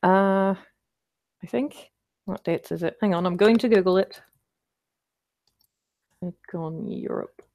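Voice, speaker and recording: A woman's voice: mid-range voice, normal speed, long pauses, a little mellow. A woman hosting a casual livestream, chatting and rambling as she answers viewer comments, with wry self-deprecating asides.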